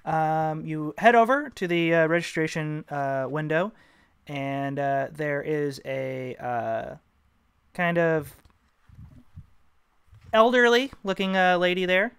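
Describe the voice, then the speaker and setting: A man runs a tabletop game, describing scenes in a loose, rambling way full of fillers. His voice is smooth and clear and sits a little high. The sound is dry and close. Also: slow pace, fairly bright tone, dry recording. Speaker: game master.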